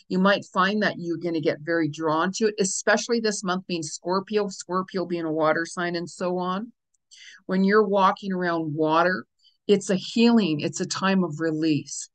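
A woman's voice: mid-range voice, low-quality recording. A middle-aged woman giving a casual spiritual reading to her viewers, chatty and repeating phrases as she goes. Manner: chatty, repeats phrases, drifts into soft asides. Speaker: astrology and spiritual reader.

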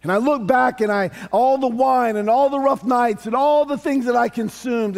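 A middle-aged man preaching a sermon as a pastor, conversational and animated, with humorous asides to the congregation. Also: very high-pitched, moderate pace, gravelly, few pauses.

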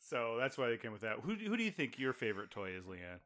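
A man's voice: medium pitch, quick pace. A man co-hosting a podcast, casual and jokey, telling anecdotes and asking his co-hosts questions. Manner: animated, jokey, drops into impressions. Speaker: podcast co-host. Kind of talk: casual chat, storytelling.

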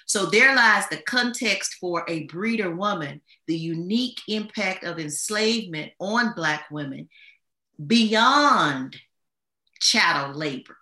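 Woman guest historian, bright tone, measured and deliberate delivery, slight room echo. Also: lowish voice, expressive. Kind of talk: podcast discussion.

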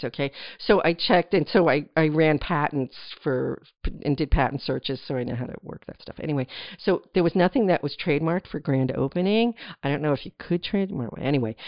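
A middle-aged woman from New Jersey hosting a podcast, telling her story in a chatty, animated way with playful asides to the listener. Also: low-pitched, no room sound. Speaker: podcast host. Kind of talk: casual solo storytelling. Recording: dry, slightly dull lo-fi sound.

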